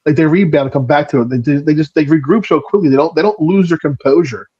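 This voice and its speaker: A man's voice: a little high, mellow, husky, muffled recording. A man with a Delaware County accent chatting casually on a podcast, stumbling through repeated starts. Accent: Delaware County, Pennsylvania. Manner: halting, lots of repeated starts. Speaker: co-host, restaurant owner. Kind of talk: casual sports podcast chat.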